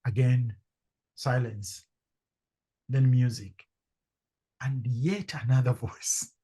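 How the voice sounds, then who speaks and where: Husky Zambian man telling a story. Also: mid-range voice, slow pace, long pauses. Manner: animated storyteller acting out quoted voices. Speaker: podcast guest. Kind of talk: storytelling in conversation.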